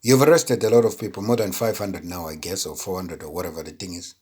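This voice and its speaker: Deep husky man ranting indignantly. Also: fast, darkish tone. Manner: indignant, full of rhetorical questions; repeats words when heated. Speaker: political commentator. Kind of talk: impassioned opinion monologue.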